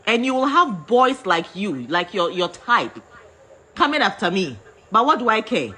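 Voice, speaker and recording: A woman's voice: mid-range voice, very animated, moderate pace, sharp tone, slightly rough. A Ghanaian woman in a heated rant, scolding and repeating herself as she switches between English and Twi. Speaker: vlogger.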